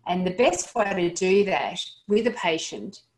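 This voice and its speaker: A woman's voice: mid-range voice, unhurried. A woman with a mid-range voice gives staff a practical lesson on handling upset patients. She talks earnestly and plainly, often catching herself and restarting a phrase. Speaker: dental practice trainer. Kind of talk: instructional talk to dental staff.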